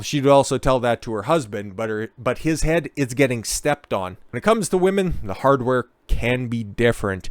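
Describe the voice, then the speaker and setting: A man's voice: medium pitch, clear, resonant tone, dry recording. A man hosting a ranting commentary on a news story, profane, sarcastic and scornful as he talks. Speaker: commentary host.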